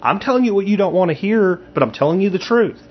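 A man's voice: high-pitched, expressive, quick pace, muffled recording. A man hosting his own show, giving a blunt, emphatic commentary monologue straight to his listeners. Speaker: show host.

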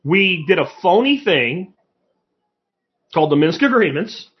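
A man hosting a podcast, delivering a blunt, profane and sarcastic political monologue full of rapid rhetorical questions. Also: sits high, very animated, lo-fi sound. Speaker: podcast host.

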